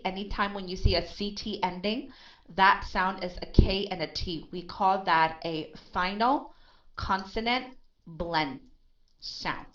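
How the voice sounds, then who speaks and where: A woman's voice: fairly low pitch, fairly bright tone. A woman tutoring English pronunciation one-on-one, patiently drilling sounds and repeating words. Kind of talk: one-on-one accent coaching. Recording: dull lo-fi recording.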